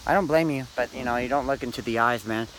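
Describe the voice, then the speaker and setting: A man rambling through a meandering, philosophizing monologue to camera, pausing often and tagging lines with "man" and "dude". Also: medium pitch, a bit bright, slight background noise, low-quality recording. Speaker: vlogger.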